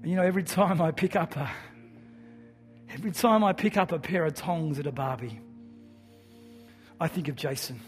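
Male preacher, sincere storyteller, higher register, soft music bed. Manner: earnest storytelling, softening to quiet reflection. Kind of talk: sermon with prayer.

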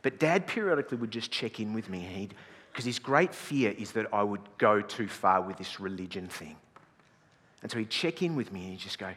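A middle-aged pastor telling a self-deprecating story in a sermon, chatty and full of restarts. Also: male voice, lowish voice, expressive, brisk, a bit bright, breathy edge. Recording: long reverb in a large hall.

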